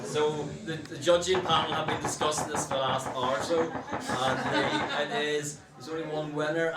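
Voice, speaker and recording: A man emceeing a party and announcing costume winners, halting with restarts and shouting people up. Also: a little high, steady tone, very noisy. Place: indoor party. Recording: echoey room, distant mic, loud crowd.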